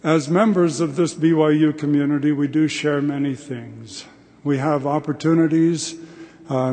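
An older man giving a devotional address to an audience in a plain, measured and thoughtful way. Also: a little high, warm tone. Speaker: devotional speaker. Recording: long hall reverb.

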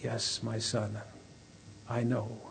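A man voicing a tender older father who welcomes his lost son in a soft, husky voice. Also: lowish voice, monotone, slow pace, a little hiss or hum.

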